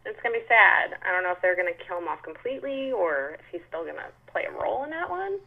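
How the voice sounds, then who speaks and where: A woman's voice: on the low side, very animated, quick pace, gravelly, narrow, tinny audio. A woman chatting as a podcast co-host, laughing often between lines. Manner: giggly, chatty. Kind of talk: casual chat.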